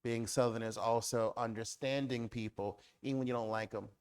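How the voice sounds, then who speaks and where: A man speaking as a guest author in a public conversation, riffing through animated lists. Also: mid-range voice, a little fast, clean tone.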